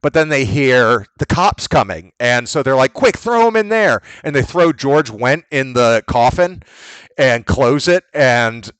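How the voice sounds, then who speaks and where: A man's voice: mid-range voice, animated, fairly bright tone, dry recording. A man co-hosting a casual podcast, rambling through a story and acting out bits of dialogue. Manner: rambling storyteller, retells scenes with quick impressions. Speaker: podcast co-host. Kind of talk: casual chat.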